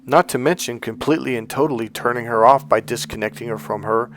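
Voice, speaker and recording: Male dating coach, mid-pitched, blunt storytelling monologue, profane, repeats for emphasis. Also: quick pace, fairly bright tone, soft background music.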